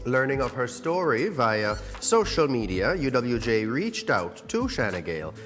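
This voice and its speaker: A man calls lots at a charity auction, upbeat and coaxing as he asks for bids. His voice carries a long hall reverb, with clear music playing behind him. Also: medium pitch, big pitch swings, normal speed, a bit bright. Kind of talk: live charity auction calling.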